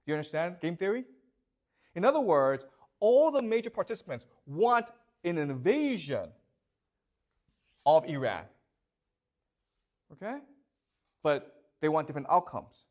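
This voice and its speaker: A man's voice: fairly high pitch, big pitch swings, unhurried, long pauses. A man lecturing a class, constantly checking that his students understand with rhetorical questions.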